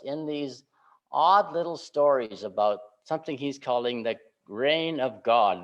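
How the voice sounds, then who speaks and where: A man giving a sermon as a pastor, speaking informally and often checking in with a quick "right?". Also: on the high side. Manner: informal, keeps asking "right?" to check in with listeners. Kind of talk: conversational sermon. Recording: dull lo-fi recording.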